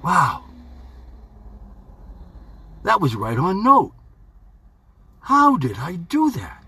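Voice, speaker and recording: Folksy male podcast host, bright voice swinging wildly up and down, playful self-talk. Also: high-pitched, wildly swooping pitch, very slow, creaky, husky. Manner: folksy, playful, talks to himself. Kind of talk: rambling motivational monologue. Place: home studio.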